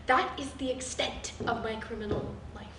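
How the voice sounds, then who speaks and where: A woman acting as a timid, nervous young male accountant in a scene for an acting class, with prim speech that breaks into shrill hysterics. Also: normal speed, natural voice. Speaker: acting student. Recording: echoey room, far mic, light noise.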